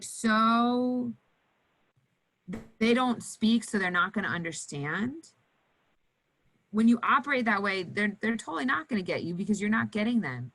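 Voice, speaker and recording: A woman occupational therapist teaches nurses during an educational panel talk, animated and acting out cheerful voices for children. Her voice is fairly high, and the recording is rough.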